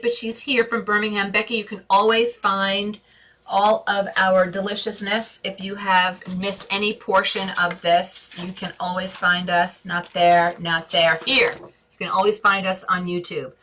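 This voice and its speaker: A woman's voice: medium pitch, flat delivery, a little slow, sharp tone, a little hiss or hum. A woman with a New York accent hosting a live stream, chatting through viewer questions in an effusive, think-aloud way. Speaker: interior design host answering viewer questions.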